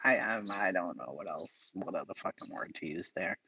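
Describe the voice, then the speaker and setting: A man's voice: lowish voice, very animated, measured pace, long pauses, fairly bright tone, slightly rough, no echo, dull audio. A man hosting a casual livestream, reading chat aloud with profane, sarcastic asides and mutters. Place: home, dogs barking nearby.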